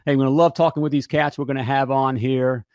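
This American man's mid-range voice is darkish and fairly even, moving at a quick pace with no room sound. He hosts a live podcast, chatting upbeat and folksy, and often repeats himself.

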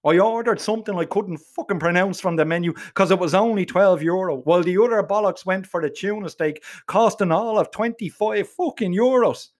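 A middle-aged man telling a comic story in a gruff, sweary, blunt way. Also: high voice, fairly quick, few pauses.

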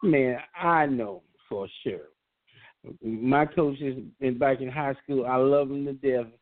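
A man telling casual stories about sports, stammering and restarting as he goes. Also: medium pitch. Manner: halting, stammering storytelling. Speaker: podcast co-host. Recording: tinny phone-like line.

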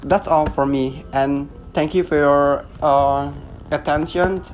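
A man in his twenties, a student, giving an earnest, halting self-introduction with frequent hesitations. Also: a little high, steady tone, slight background noise. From Indonesia. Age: 20s. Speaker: student podcaster. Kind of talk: casual self-introduction monologue.

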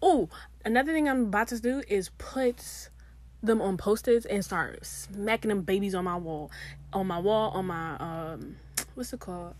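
A young woman talks straight to camera in a loose, rambling vlog, jumping between asides and laughing at herself. Her voice sits at an ordinary middle pitch. The sound is close and dry, with almost no room around it. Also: dry recording. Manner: chatty, animated, rambling with asides. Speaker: vlogger. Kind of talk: casual chat to camera.

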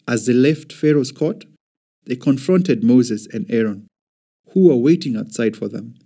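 A man narrating an audio Bible in an even, measured scripted reading. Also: mid-range voice. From Kenya.

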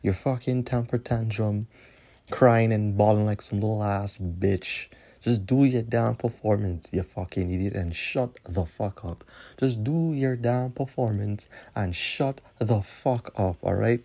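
Man, low gravelly voice, mellow dark tone, cursing solo podcast rant. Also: unhurried. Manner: profane, confrontational ranting with repeated tag questions. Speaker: podcast host.

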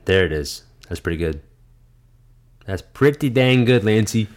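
Lively low-voiced man, rambling banter. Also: measured pace. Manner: rambling, laughs easily, lots of fillers. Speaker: podcast co-host. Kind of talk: casual comedic chat.

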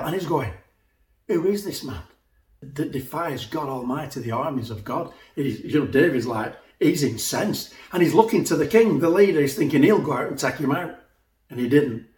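A man's voice: medium pitch, a little mellow, roomy sound. A man preaching a sermon, retelling a story animatedly and acting out the voices.

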